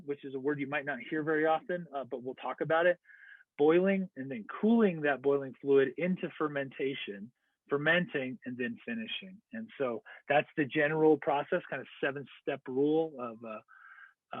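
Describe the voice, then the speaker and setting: The voice is a man's, leaning high, with no room sound at all. He's an American lecturing online, breaking things down step by step while stumbling through fillers and self-corrections, captured in thin, phone-like, dry audio.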